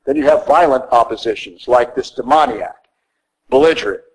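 A man preaching a sermon, emphatic and rhetorical, pushing his voice up high to stress key words. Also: moderate pace, husky, rough recording. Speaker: priest.

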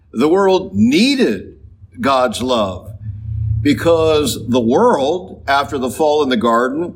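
A man, a priest, preaching a sermon slowly and emphatically, drawing out key phrases. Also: medium pitch, breathy edge. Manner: slow, emphatic preaching with drawn-out stressed phrases.

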